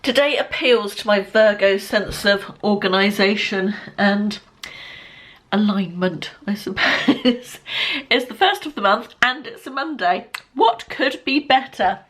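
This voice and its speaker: A woman's voice: medium pitch, expressive, unhurried, a bit bright. Chatty woman in her fifties. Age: 50s. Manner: chatty, rambling, corrects herself. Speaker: lifestyle vlogger. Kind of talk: casual vlog chat to camera. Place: at home, indoors.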